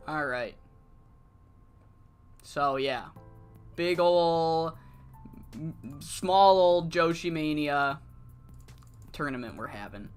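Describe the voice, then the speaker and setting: This is a relaxed game streamer talking through a wrestling management sim at an unhurried pace, voice sitting in a middle register. The talk wanders, with casual swearing and sudden excited rants about the game. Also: mid-range voice, clean tone. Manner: rambling, swears freely, bursts into excited rants. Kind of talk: casual gameplay commentary.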